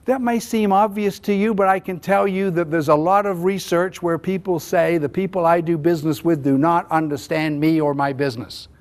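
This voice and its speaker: A man's voice: on the high side, fairly even intonation, moderate pace, hardly any pauses. A middle-aged man from New Zealand giving a business talk, telling stories and acting out the dialogue in a conversational way. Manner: anecdotal, conversational, acts out dialogue. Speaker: business speaker. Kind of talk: storytelling talk to an audience.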